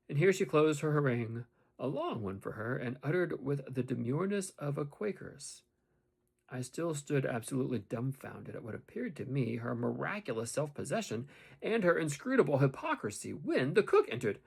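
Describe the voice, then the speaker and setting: A man narrating a classic novel in the first person with expressive, measured storytelling. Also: mid-range voice, creaky, breathy edge. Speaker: audiobook narrator.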